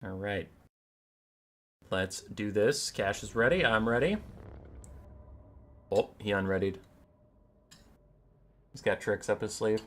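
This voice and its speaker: A man giving animated, irreverent commentary and storytelling over a strategy game, swearing casually. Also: on the low side, takes it slowly, long pauses.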